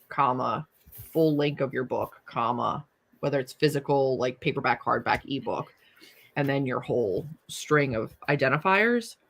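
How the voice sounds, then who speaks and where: A woman's voice: low voice, creaky, a bit bright. A young woman hosting a casual writing livestream, chatting and reading viewer comments aloud. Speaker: livestream host.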